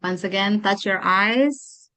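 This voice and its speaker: A woman with an Indonesian accent presenting a teacher-training workshop, guiding a mindfulness exercise with slow, repetitive instructions and many pauses. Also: medium pitch, pushed and bright. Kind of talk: guided mindfulness workshop talk.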